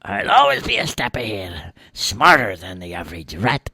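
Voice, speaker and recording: A cocky male rat king, voiced by a woman, screeching and cackling between his boasts in a raised, lively storybook voice. The sound is close and dry. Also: a bass voice, moderate pace, gravelly, slightly rough, no room sound, full character voice. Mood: boastful.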